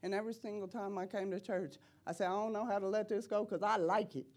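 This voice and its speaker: A middle-aged woman giving an impassioned preaching testimony in church, repeating phrases and rising to loud cries. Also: medium pitch, fairly even intonation, fast talker.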